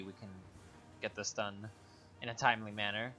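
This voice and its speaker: Bright-voiced man narrating a strategy game. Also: unhurried, faint music behind. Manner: relaxed, low-key, thinking aloud. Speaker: gameplay commentator. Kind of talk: casual let's play commentary.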